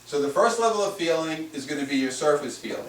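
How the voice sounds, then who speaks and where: A man, a spiritual teacher, giving a lively workshop talk and asking the audience questions. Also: fairly high pitch, fast talker. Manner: animated, playful, asks the audience questions. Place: room with a small audience. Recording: roomy, mic at a distance, faint noise.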